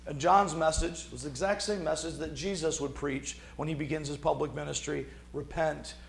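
Gravelly conversational preacher man. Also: on the high side, fairly even intonation, a little fast, reverberant, a little hiss or hum. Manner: conversational, emphatic preaching with acted-out quotes. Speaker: pastor. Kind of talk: sermon.

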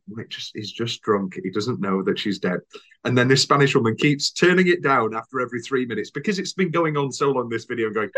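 A man's voice: medium pitch, fairly quick, fairly bright tone. A man hosting a podcast in casual chat, rambling through anecdotes with many restarts and acting out quotes. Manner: rambling storyteller, acts out quotes in silly voices. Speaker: podcast host.

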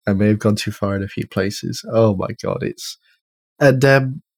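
Guy with a bit of rasp joking about a movie, dry close sound. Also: on the low side, moderate pace, no room sound. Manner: wry, joking, laughs often. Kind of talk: casual film review chat.

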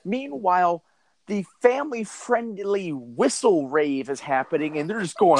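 Animated, swearing man riffing on a podcast. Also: high-pitched, normal speed. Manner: animated, profane, riffing incredulously. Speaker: podcast co-host. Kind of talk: comedic podcast banter.

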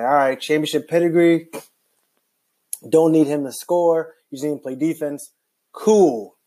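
Rambling frustrated man, warm voice. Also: a little high, husky. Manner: animated, rambling, heavy use of "like". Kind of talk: casual basketball rant.

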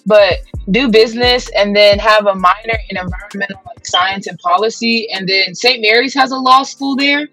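A woman's voice: mid-range voice, bright, forceful tone, rough recording. A young woman athlete answering interview questions in a chatty, upbeat way, full of "like" fillers. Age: young adult. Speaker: guest athlete. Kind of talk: casual interview.

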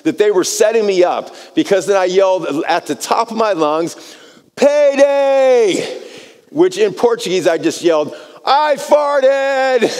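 An American man preaching a sermon, telling a personal story in an animated way and often repeating words as he starts a phrase. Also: sits high. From United States. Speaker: pastor. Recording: long hall reverb.

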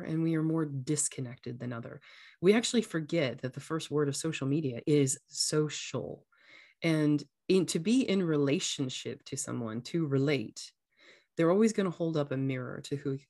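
A woman's voice: low voice, expressive, moderate pace, darkish tone. A woman hosting a casual podcast, talking earnestly as a coach and acting out voices now and then. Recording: echoey room sound.

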